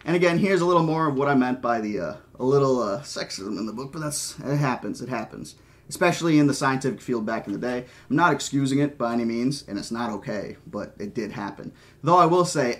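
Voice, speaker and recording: Give me a mid-pitched man reading a novel and chatting casually in between. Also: animated. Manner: casual, halting, with frequent restarts. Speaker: audiobook reader. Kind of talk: horror-themed novel reading with commentary.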